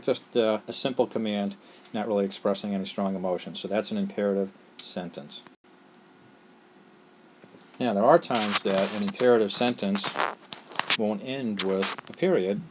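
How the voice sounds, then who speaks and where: A man's voice: on the low side, noisy background. A man teaching a lesson on a screencast, explaining step by step with patience and often asking "all right?".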